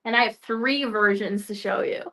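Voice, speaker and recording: A woman's voice: on the high side, fairly even intonation, normal speed, pushed and bright. A young woman hosting a casual live show of new quilting products, chatty and laughing at her own verbal slips. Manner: chatty, giggly, trips over words and laughs at herself.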